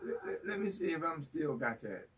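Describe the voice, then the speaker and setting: Folksy male show host, husky and bright-toned, teasing, recorded on a distant mic. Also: fairly high pitch, very animated, normal speed. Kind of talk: live call-in class, casual chat.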